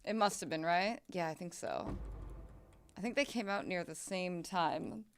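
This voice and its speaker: A woman's voice: lowish voice, a little slow, a little hiss or hum. Chatty young woman streaming a game. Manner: chatty, swearing, laughing, exclamations. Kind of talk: casual gameplay chat.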